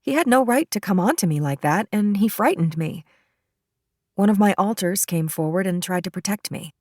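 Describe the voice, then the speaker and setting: A woman voicing a traumatized female witness giving halting testimony in an audiobook. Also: mid-range voice, expressive, darkish tone, no room sound, clean studio sound, pitched above the performer's own voice, lightly acted. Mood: shaken. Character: shaken female witness recounting an assault.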